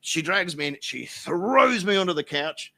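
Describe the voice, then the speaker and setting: A man's voice: sits high, animated, measured pace, vocal fry, sharp tone, dry recording. An Australian man, a podcast guest, telling a rambling, profane anecdote in casual chat. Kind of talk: casual storytelling.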